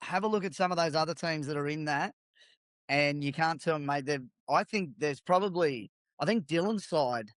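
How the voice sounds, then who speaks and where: A relaxed, middle-aged Australian man co-hosting a sports podcast, his voice sitting a bit high. He chats loosely and laughs a lot, and the sound is close and dry with no room around it. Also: normal speed, dry recording. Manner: laid-back, laughs often, says mate a lot. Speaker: podcast co-host. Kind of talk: casual chat.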